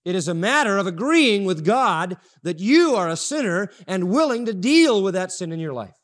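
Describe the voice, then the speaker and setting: A man's voice: high-pitched, big pitch swings, normal speed, a bit bright. A man preaching a sermon, emphatic and repeating key phrases for stress. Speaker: pastor. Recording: audio-only sermon recording.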